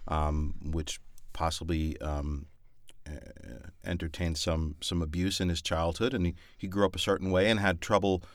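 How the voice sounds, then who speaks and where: A man's voice: low voice, steady tone, moderate pace, no echo. A male audiobook narrator talking casually on a podcast, thoughtful and rambling, with plenty of ums and restarts. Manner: thoughtful, rambling with many fillers.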